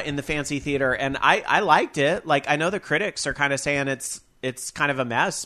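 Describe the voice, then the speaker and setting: A man's voice: on the high side, sharp tone. Chatty upbeat male podcast host. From Northern California. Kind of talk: casual live radio chat.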